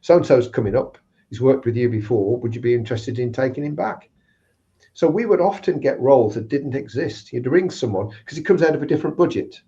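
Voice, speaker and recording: A man's voice: mid-range voice, lively intonation, fairly quick, mellow. A man telling work anecdotes in casual chat and acting out the people he quotes. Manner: anecdotal, acts out quoted voices. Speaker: guest speaker on recruitment. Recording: slightly dull lo-fi sound.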